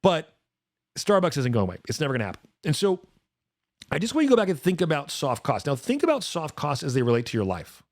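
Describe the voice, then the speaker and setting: Fast-talking emphatic man in his forties. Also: a little high, huge pitch swings, no room sound, studio quality. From rural United States. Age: 40s. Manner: fast, emphatic, addresses co-host directly. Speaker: podcast host. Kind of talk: casual investing talk.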